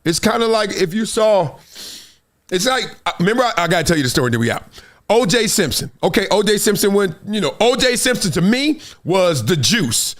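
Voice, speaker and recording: Middle-aged socal guy hosting a live show, high voice that swoops all over, acts out quotes, laughs a lot. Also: very animated, brisk, fairly bright tone. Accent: Southern California. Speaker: host. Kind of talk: animated storytelling on a live show.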